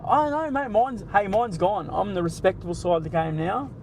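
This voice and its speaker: A high-voiced Australian man in his late forties talks bluntly and swears freely as he banters with viewers on a live stream. He is driving, with a faint hum of traffic behind him. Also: animated, moderate pace, creaky, few pauses, poor audio. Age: 40s. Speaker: livestream host. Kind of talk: casual live-stream chat while driving. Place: in a car.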